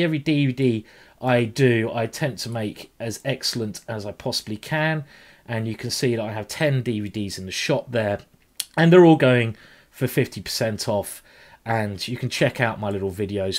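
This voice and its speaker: Rambling chess video host. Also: male voice, medium pitch. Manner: rambling, self-deprecating, restarts often. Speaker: chess YouTuber, grandmaster. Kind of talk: chatty video introduction.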